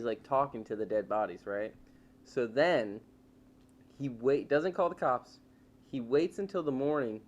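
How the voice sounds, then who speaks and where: Animated storytelling man on a podcast. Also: mid-range voice. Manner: animated storytelling, acts out voices. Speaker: podcast co-host. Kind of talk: casual podcast chat.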